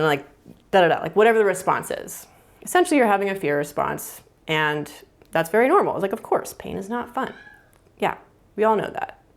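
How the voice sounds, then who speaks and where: Gravelly-voiced woman explaining casually. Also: lowish voice. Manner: casual, thoughtful, with many fillers. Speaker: mind-body therapist. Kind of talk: explaining at a whiteboard.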